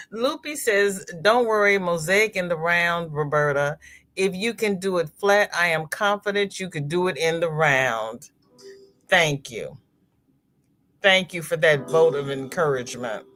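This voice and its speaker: On her crochet livestream, a woman chats casually and reads viewers' comments aloud, laughing often and sounding expressive. Her voice sits on the low side and she takes her time.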